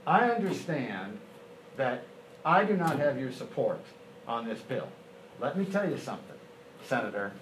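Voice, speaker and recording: A man imitating an older Southern president, drawling, folksy and flattering one moment, threatening the next. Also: medium pitch, moderate pace, roomy sound, a little hiss or hum, natural voice, low-quality recording.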